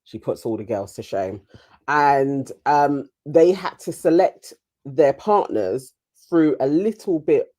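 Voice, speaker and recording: A woman's voice: sits low, lively intonation, slow pace, warm tone. A woman co-hosting a casual chat, chatty and giggly, laughing often. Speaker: co-host reviewing a reality show.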